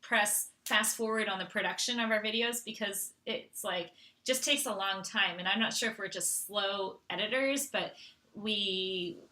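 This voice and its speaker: Woman, middle-aged, from Canada, casual live chat, reads viewer questions, bright tone. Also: mid-range voice, measured pace. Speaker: host.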